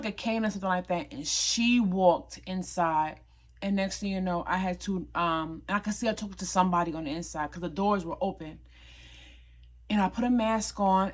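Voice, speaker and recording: Casual vlogger, young woman, slightly low voice, animated and emphatic storyteller. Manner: animated, emphatic retelling with quoted dialogue.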